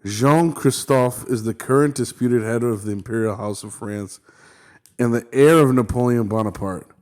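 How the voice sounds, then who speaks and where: A man's voice: mid-range voice, normal speed, darkish tone. A young man co-hosting a podcast in casual, profane banter, laid-back and peppered with "dude.". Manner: laid-back, swears a lot, says "dude". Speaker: podcast co-host. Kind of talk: casual chat.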